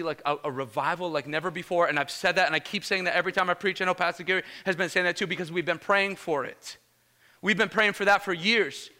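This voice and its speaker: A male pastor preaching a lively sermon, energetic and casual, calling out "Amen?" to the congregation. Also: sits high. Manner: energetic, casual slang, repeated "Amen?" calls.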